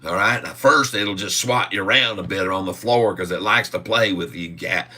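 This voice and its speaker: A man's voice: low-pitched, moderate pace, bright, forceful tone, heavily acted. A man putting on a rowdy, folksy redneck character with a Southern accent, laughing between lines. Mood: boisterous. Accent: American Southern, put on.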